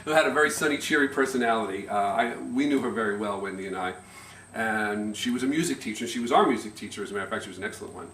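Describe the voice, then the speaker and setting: A middle-aged man giving a chatty, slightly nervous speech at a family party, telling anecdotes with halting restarts and little chuckles. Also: on the low side, a bit bright, a little hiss or hum. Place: party room, indoors. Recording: echoey, distant amateur room recording.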